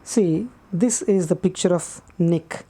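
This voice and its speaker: Patient woman teacher, unhurried, low and mellow, repeats herself for clarity. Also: breathy edge. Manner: patient and deliberate, repeats key words, frequent "uh" pauses. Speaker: English teacher. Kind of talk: slow classroom explanation.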